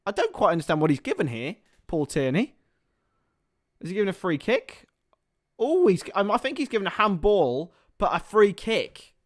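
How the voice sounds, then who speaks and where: A young man's voice sits high and moves at normal speed as he hosts a football watchalong live. He mixes play-by-play with rambling chat and gets excited at chances.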